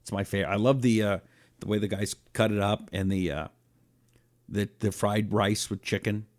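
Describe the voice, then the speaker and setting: A man hosting a solo talk show, reading listener comments and talking in an animated, rambling way. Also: moderate pace. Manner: animated, rambling, lively swings in pitch. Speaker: radio talk show host. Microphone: own broadcast setup, fixing a failed mic on air.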